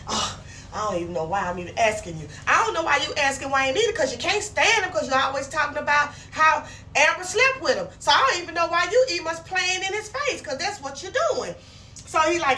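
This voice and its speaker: A woman giving a casual, animated recap of a skit series. She talks straight to the characters and drops her voice lower to quote the men. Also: a little fast, recorded from a distance, a little hiss or hum. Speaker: commentary vlogger. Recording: roomy echo, speaking from away from the mic.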